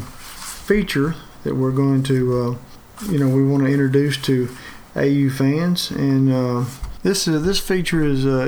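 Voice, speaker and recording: Brief: male sports-show host, mid-pitched, gravelly, stop-start delivery. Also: a little mellow, slight background noise. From Alabama. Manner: halting, many fillers and restarts. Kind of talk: casual sports talk.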